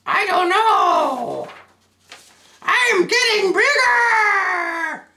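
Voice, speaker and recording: A man's voice: very high voice, wildly swooping pitch, takes it slowly, gravelly, roomy sound, heavy background noise, voice pushed up, full character voice. A man voicing a menacing female witch in an overblown, screechy put-on voice. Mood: panicked.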